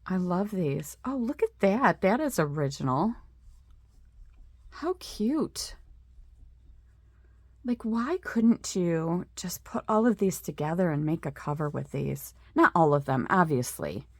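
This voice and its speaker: A woman's voice: fairly low pitch, animated, takes it slowly, no room sound. A middle-aged woman in a casual craft show-and-tell, chatting with lots of fillers and admiring asides. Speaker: craft vlogger.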